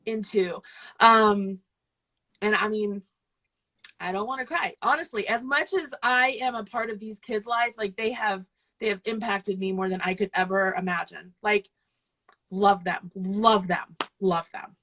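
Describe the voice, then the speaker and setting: A woman's voice: mid-range voice, measured pace, bright, forceful tone, low-quality recording. A woman in her forties, a coach and business owner, chatting casually and getting tearful as she rambles. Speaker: guest host, yarn business owner and throwing coach. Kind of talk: casual video chat.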